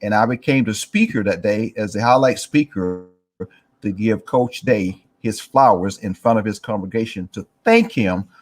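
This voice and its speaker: A man's voice: on the low side, normal speed. A man in his sixties from East Texas, a guest telling a story in an interview and acting out the voices of people he quotes. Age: 60s.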